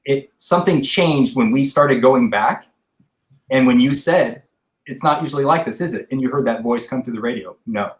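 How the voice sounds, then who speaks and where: Casting: mid-pitched male investigator, rambling talker, roomy echo on the voice. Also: moderate pace. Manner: rambling, explains with restarts. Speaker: paranormal investigator guest. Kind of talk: casual podcast discussion.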